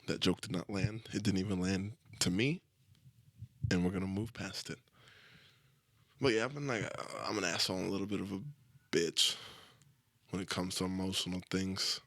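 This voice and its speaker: A man's voice: deep voice, steady tone, normal speed, long pauses, fairly bright tone, dry recording. A young man hosting a solo podcast, talking in a crude, rambling, self-deprecating way with lots of swearing. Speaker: podcast host. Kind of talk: casual solo podcast monologue.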